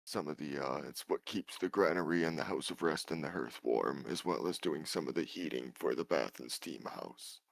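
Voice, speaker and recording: A man's voice: rumbling low, moderate pace, vocal fry, hardly any pauses, slight background noise. A man narrating a tabletop game as game master, rambling with many fillers.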